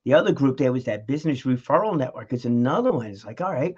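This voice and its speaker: Talking fast and animatedly, a middle-aged man with a mid-range, darkish, breathy voice rambles through a casual home vlog full of fillers and laughs. A dog is nearby, and the audio is dull lo-fi.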